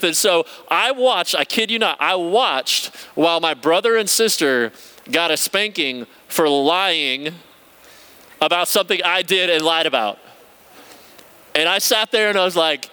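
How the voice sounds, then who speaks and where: Bright, high-voiced young man preaching. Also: normal speed, clean tone. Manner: storytelling, conversational, animated retelling. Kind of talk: sermon with personal stories.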